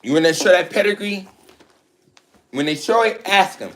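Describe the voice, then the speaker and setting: A dog breeder talks straight at the camera in a blunt, swearing, boastful rant. His voice sits a little high for a man, and he mocks his rivals as he goes. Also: expressive, normal speed, fairly bright tone.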